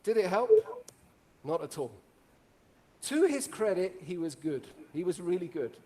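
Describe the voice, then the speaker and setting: A middle-aged man from Italy, telling jokey stories to a live audience in an animated way and asking the audience questions. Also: sits high, measured pace. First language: Italian. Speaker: speaker. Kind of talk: storytelling talk to a live audience.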